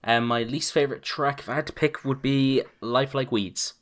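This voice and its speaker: A man co-hosts a casual podcast in a relaxed, chatty way, with a mid-range voice. He slips in filler words as he sums up his thoughts. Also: medium pitch, normal speed. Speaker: podcast co-host.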